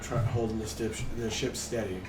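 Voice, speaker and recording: A man's voice: on the low side, steady tone, normal speed, roomy sound. A man playing in a tabletop game, asking blunt questions and bantering, with music in the background. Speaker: player.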